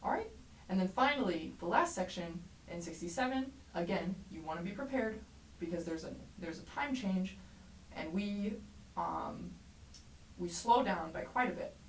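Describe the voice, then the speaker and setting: A woman teaching a trumpet lesson, explaining clearly and encouragingly, sometimes singing rhythms aloud. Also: fairly low pitch, lively intonation, normal speed. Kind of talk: music lesson tutorial. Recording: roomy echo, mic at a distance, faint background noise.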